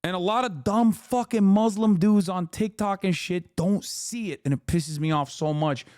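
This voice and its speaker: A man's voice: sits high, normal speed, darkish tone, smooth, dry recording. Profane ranting male streamer, dry close mic. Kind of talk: casual reaction rant.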